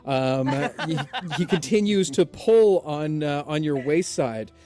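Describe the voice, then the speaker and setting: Man narrating a game, lively voice. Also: a little high, slow. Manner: relaxed, with frequent fillers. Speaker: game master. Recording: dry, with faint music.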